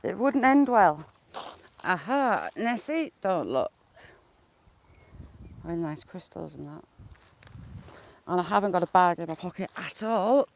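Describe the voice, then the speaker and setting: A woman's voice: on the low side, big pitch swings, unhurried, creaky, long pauses. Chatty woman vlogger, outdoors by a river, phone mic, talks to herself and laughs a lot. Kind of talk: casual walking vlog, chatting to live viewers.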